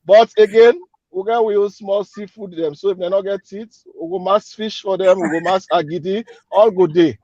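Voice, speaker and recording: A man's voice: high-pitched, normal speed, a little mellow, no room sound, highs cut off. A man with a Sierra Leonean Krio accent, an event organizer giving an upbeat, persuasive interview and repeating his calls to act. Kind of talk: radio interview guest.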